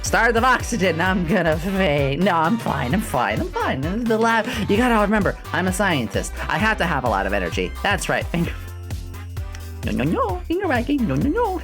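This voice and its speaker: A young woman chatting on a live stream, her pitch leaping from high squeals down to low mutters. She talks in an excitable, giggly way. Faint music plays behind her. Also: moderate pace. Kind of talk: casual live-stream chat.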